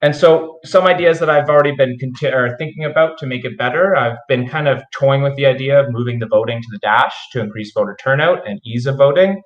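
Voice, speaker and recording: A man with a nasal voice giving a measured, filler-laden governance report on a live community call. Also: mid-range voice, echoey room, lo-fi sound. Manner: measured, explanatory, with frequent fillers.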